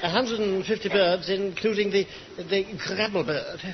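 An actor playing a hesitant, bumbling civil servant who dithers in a comedy sketch. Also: male voice, sits high, normal speed, a crowd in the background, close to an everyday voice. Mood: dithering. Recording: dull lo-fi recording with audience laughter.

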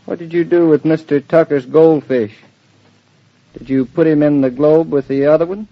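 An actor playing a cheerful young husband who dotes on a big dog, breezy and teasing, in vintage radio drama style. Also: male voice, on the high side, fairly even intonation, moderate pace, natural voice. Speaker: husband, an architect. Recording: dull lo-fi old recording.

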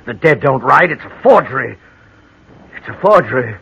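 A jittery, guilt-ridden murderer. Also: male voice, medium pitch, sing-song, moderate pace, creaky, sharp tone, breathy edge, exaggerated voice. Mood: nervous. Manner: jittery, breaking from bluster to panic. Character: guilt-ridden murderer husband, fearful then violent. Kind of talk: 1940s radio acting. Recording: dull old radio broadcast, faint hiss.

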